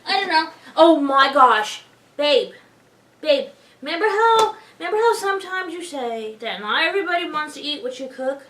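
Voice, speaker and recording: A woman in a comedy sketch, talking in a naive, excitable, rambling way, recorded in a roomy space from a distance from the mic. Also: sits high, moderate pace, a little hiss or hum.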